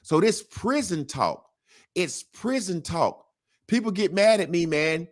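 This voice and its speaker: Male guest, casual and emphatic, a somewhat high voice that swings widely. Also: unhurried. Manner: animated and emphatic, with slang and repetition. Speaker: interview guest. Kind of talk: casual conversational interview.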